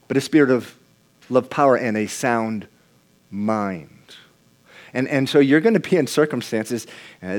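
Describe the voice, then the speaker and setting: Speaking in a mid-range voice, a man delivers a conversational sermon, asking his congregation questions and frequently restarting or repeating words.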